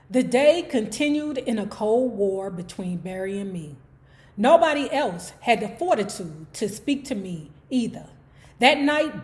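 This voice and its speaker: A woman hosting an online book club, reading a memoir aloud and breaking off for sassy, profane commentary to her viewers. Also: on the high side.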